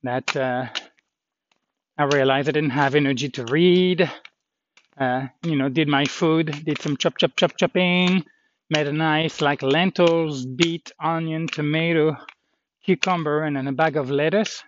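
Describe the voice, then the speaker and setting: A man walking outdoors on a hilly trail, talking in a rambling, halting way with lots of fillers as he vlogs his pilgrimage. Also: on the high side. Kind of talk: casual walking vlog. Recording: dull lo-fi with faint noise.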